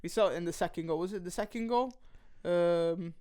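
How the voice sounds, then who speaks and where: A man's voice: sits high, fairly quick, mellow, smooth. A young man co-hosting a casual football podcast, hesitant, with short replies and frequent laughs. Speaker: podcast co-host.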